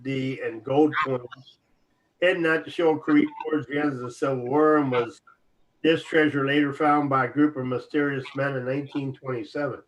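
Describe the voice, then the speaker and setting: At normal speed and medium pitch, a man co-hosting an internet radio show reads articles aloud, stumbling over words now and then. The recording is dull lo-fi audio with constant noise.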